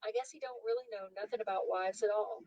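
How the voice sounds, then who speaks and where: A man's voice: high voice, fairly even intonation, fast, darkish tone, no room sound, dull audio. A woman voicing a young man who grumbles and tries to keep the peace. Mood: grumbling. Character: young man, steady friend trying to calm others.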